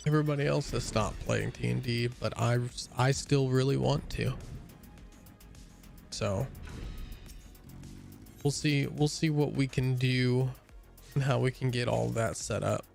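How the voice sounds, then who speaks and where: A man's voice: mid-range voice, fairly even intonation, a little slow, vocal fry, long pauses, darkish tone, faint music behind. A young man streaming a game, chatting casually and rambling with lots of fillers and restarts, sounding a bit tired. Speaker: gaming streamer. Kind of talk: casual chat while playing a game.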